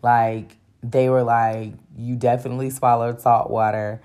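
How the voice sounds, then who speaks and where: Woman, very low voice, casual animated storyteller, slangy, acts out her own exclamations. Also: measured pace. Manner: animated, exclaiming, often acting out her own panicked replies; casual, with slang and filler words.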